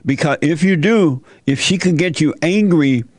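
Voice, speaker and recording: A man's voice: a little high, moderate pace, darkish tone, no room sound. A man hosting a call-in show, giving blunt, preachy advice and telling folksy stories. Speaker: talk show host giving advice to callers.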